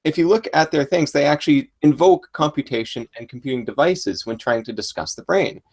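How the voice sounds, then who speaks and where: A man's voice: on the high side, brisk, creaky, darkish tone. A man, a computer scientist, chatting casually over a video call with many fillers.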